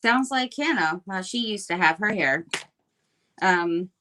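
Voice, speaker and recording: A woman's voice: medium pitch, lively intonation, measured pace, bright, forceful tone. A woman hosting a live craft stream, chatting in an upbeat way with lots of fillers while she shapes clay. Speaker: craft livestream host.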